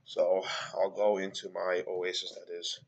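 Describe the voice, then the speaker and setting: A man's voice: low voice, completely flat delivery, a little slow, gravelly, lo-fi sound, slight background noise. A man with a congested, nasal voice reviewing a beer at home, rambling and hesitant with many fillers. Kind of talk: casual home review vlog. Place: at home, moving between rooms. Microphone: laptop built-in mic.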